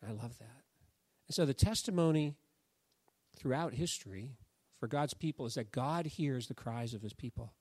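A man preaching a sermon in a conversational way, telling the story with lively bursts and then dropping to a soft, hushed voice. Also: mid-range voice, moderate pace, no echo, studio quality. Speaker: pastor.

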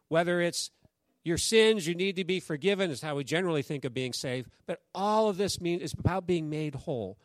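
A male pastor with a slightly high voice preaches a sermon and tells a story along the way. He urges the congregation to answer him. The sound is dry and close, with no room echo. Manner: exhorting the congregation, lively call-and-response.

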